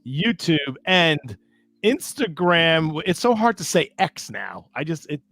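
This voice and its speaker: A man's voice: fairly high pitch, very animated, takes it slowly, fairly bright tone, no echo, studio quality. A man from New York co-hosting a live show, speaking with enthusiasm and often stumbling over words. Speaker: co-host. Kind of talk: casual live show chat.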